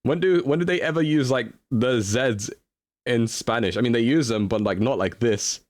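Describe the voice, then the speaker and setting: A man's voice: mid-range voice, normal speed, no echo, clean studio sound. A young man streaming live, chatting casually as he thinks aloud through a guessing game and answers his chat.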